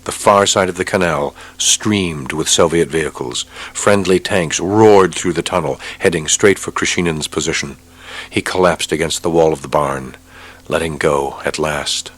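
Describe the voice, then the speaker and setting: A man narrating an audiobook with a steady, measured reading. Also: rumbling low. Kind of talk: scripted narration.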